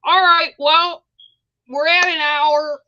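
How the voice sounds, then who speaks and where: A fairly high-voiced woman rambles through a personal story as the host of a spiritual live stream, leaning on fillers as she goes. Her audio comes through a little dull and muffled. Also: fairly even intonation, slow pace, pushed and bright. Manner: chatty, rambling, many fillers.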